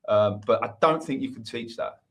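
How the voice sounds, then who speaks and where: A man with an English accent talks about his craft as a guest musician. He explains things earnestly and often restarts his sentences. His voice sits at an ordinary middle pitch. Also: moderate pace. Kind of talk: casual conversational interview.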